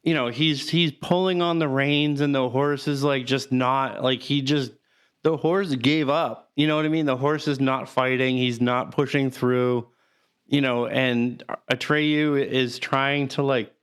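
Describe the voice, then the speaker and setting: Male podcast co-host, smooth voice, halting casual film talk. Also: medium pitch, steady tone. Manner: rambling, halting, laughs through sad moments.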